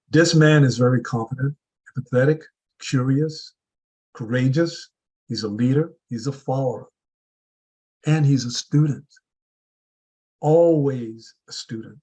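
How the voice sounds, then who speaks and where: A man's voice: medium pitch, a little mellow, breathy edge, poor audio. A man giving a prepared motivational speech at a public speaking club, earnest and building with repeated rhetorical questions.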